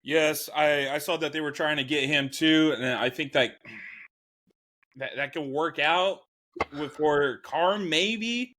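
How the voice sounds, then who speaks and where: Bright-voiced easygoing man. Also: a little high, slow. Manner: easygoing, agreeable, joking. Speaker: fantasy football podcast co-host. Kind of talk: casual chat.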